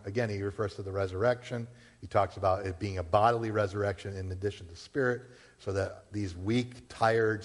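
Pastor preaching in a reverberant church. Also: male voice, lowish voice. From Massachusetts. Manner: conversational preaching with rhetorical questions and asides. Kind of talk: sermon. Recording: long hall reverb.

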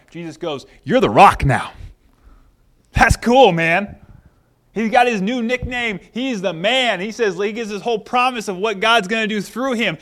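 Male pastor, higher-pitched voice, dramatic energetic sermon delivery. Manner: animated storytelling, swings between loud excitement and hushed intensity.

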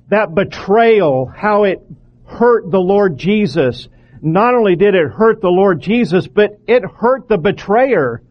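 A male preacher delivers an earnest sermon, pleading with his listeners and hammering points home through repetition. His voice sits high for a man. The recording sounds somewhat dull and lo-fi.

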